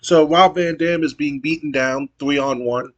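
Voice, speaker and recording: A man's voice: a little high, steady tone, moderate pace, muffled recording. A man narrating a wrestling sim playthrough as a game streamer, giving a play-by-play recap with casual asides.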